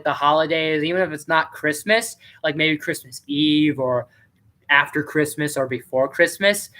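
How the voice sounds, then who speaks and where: A man hosts a loose live stream, chatting to viewers while he reviews a movie. His voice is bright and clear. He rambles and fills his talk with "like" and "um". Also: on the high side. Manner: rambling and chatty, with many fillers. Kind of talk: casual live-stream commentary.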